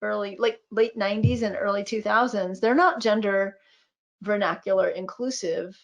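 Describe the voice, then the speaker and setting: A woman's voice: mid-range voice, moderate pace, creaky, lo-fi sound. A woman in her fifties, a physician and midwife, speaking on a webinar video call in a reflective, storytelling way with frequent fillers. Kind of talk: webinar conversation.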